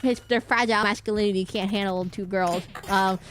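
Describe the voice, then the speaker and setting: A woman streamer chatting casually while playing a game, rambling through an animated retelling with frequent restarts and self-corrections. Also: medium pitch, a little fast, slight background noise.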